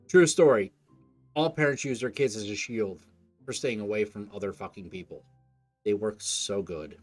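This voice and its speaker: A man's voice: fairly low pitch, normal speed, soft background music. A man reading a dating game aloud and mocking it with profane, sarcastic commentary. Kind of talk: let's play reading and commentary.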